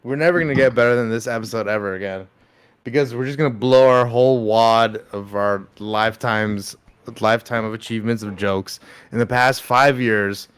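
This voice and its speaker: Excitable man with a smooth voice. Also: medium pitch, moderate pace. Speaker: comedian. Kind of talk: casual comedy podcast chat.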